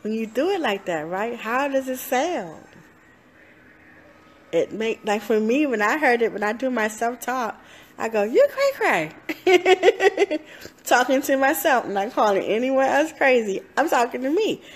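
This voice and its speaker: A woman with a fairly high, animated voice gives a motivational talk as a life coach. She speaks slowly and earnestly, repeating herself, laughing now and then, and slipping into playful self-talk voices.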